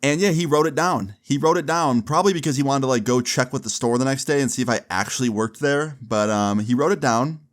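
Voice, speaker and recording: Young man, 20s, casual storytime, animated, comic, swearing, mid pitch. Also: a little fast, hardly any pauses.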